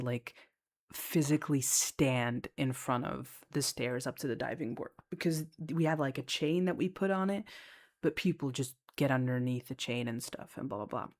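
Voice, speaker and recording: Woman with a low voice, casual storyteller, chatty, blunt and sweary, lots of filler words. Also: normal speed, a little mellow. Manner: chatty and candid, swears freely, heavy on fillers. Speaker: lifeguard.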